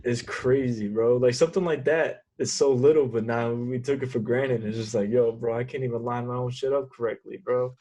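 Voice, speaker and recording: A man's voice: mid-range voice, steady tone, fairly quick, few pauses, warm tone. A man chatting casually on a video call, laid-back and full of slang, with "bro" and "like" in every sentence. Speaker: guest.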